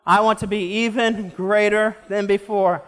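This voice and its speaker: A man preaching a sermon as a pastor, impassioned and slowing down for emphasis. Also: sits high, fairly even intonation, fairly bright tone.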